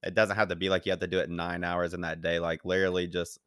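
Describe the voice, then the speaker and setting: A man hosting a casual podcast chat, relaxed, agreeing and laughing often. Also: low voice, fast talker, clean tone, no echo, clean studio sound. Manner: laid-back, frequent short laughs and agreement. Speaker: podcast host.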